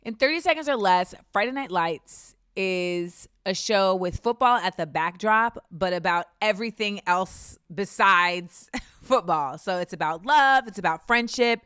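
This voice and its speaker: A woman guest on a podcast, chatting casually and telling things in an emphatic, animated way. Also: mid-range voice, a little slow, smooth, no room sound, studio quality. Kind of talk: casual chat.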